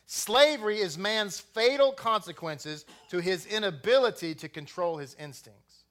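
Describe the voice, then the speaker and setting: Bright, high-voiced man preaching. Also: animated, measured pace, hardly any pauses. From Texas. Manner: conversational preaching with asides and restarts. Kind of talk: sermon.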